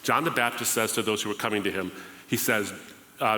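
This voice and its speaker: A man's voice: fairly low pitch, steady tone, brisk, bright, forceful tone, big-room sound, a little hiss or hum. A man born and raised in the United States, telling his story to a live audience as a guest speaker, humorous and conversational, acting out old conversations. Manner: humorous, conversational, acts out past dialogues. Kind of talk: storytelling testimony at a live event. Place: church auditorium.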